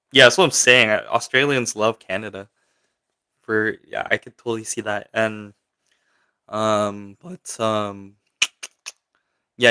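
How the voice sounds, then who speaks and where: A young man hosts a relaxed livestream, reading viewer questions aloud and answering them in a loose, rambling way full of filler words. His voice sits on the lower side, with a bright, forceful edge. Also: smooth. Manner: chatty and rambling, many fillers, reads chat questions aloud. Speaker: livestream host. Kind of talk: casual livestream chat, answering viewer comments.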